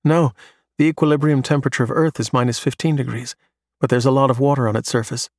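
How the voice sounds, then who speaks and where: A man voicing a bright young male pupil who recites facts eagerly. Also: mid-range voice, steady tone, quick pace, no room sound, studio quality, natural voice. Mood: earnest.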